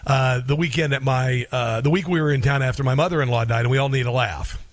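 A man's voice: medium pitch, steady tone, fast talker. A middle-aged man hosting a talk radio show, rambling with many fillers. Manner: rambling, filler-heavy delivery.

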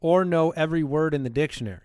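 A man's voice: fairly high pitch, fast talker, a little mellow, clear, resonant tone, no room sound, studio quality. A man co-hosting a comedy podcast, telling rambling, self-deprecating stories in casual chat. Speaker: podcast co-host.

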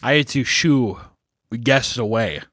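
A man on a comedy podcast, spinning loose stories with lots of swearing and quick voice impressions. He has a mid-range pitch, and his voice is recorded dry and close on a studio mic. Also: no room sound. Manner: animated storytelling, swears freely, puts on voices for people. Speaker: podcast co-host. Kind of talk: casual comedic chat.

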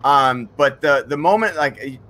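A man's voice: mid-range voice, expressive, measured pace, a bit bright. A man co-hosting a casual live stream, reading out viewer messages and enthusing about TV shows. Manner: enthusiastic, retells scenes with acted quotes.

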